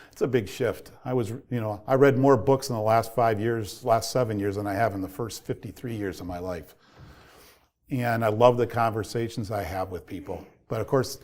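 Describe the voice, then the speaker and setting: A man's voice: mid-range voice, darkish tone. A man in his fifties who coaches parents, telling a personal story in an earnest, reflective way that builds to heated emphasis. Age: 50s.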